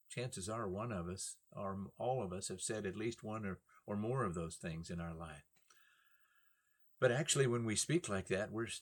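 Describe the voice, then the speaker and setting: A man's voice: lowish voice, slightly rough. A man preaching a sermon, reading scripture and speaking with emphatic, rising and falling delivery and repeated phrases.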